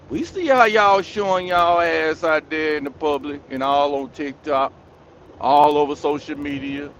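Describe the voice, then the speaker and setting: A man's voice: high-pitched, a bit bright. A man hosting his own channel, delivering a scolding, preachy rant straight at his audience, repeating his points for emphasis. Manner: preachy, scolding, repetitive, addresses the audience directly. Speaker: commentary channel host. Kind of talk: ranting monologue commentary.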